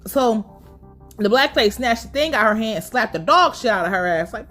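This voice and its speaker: A woman's voice: on the high side, lively intonation, a little fast, sharp tone, soft background music. A woman giving a casual, blunt and profane recap of a TV episode. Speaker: TV recap vlogger.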